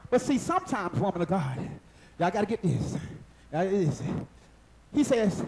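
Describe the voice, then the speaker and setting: Very high-voiced animated male preacher. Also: moderate pace, gravelly, a little hiss or hum, poor audio. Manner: animated, call-and-response with the congregation; breaks into shouting at high points. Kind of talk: sermon. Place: church service.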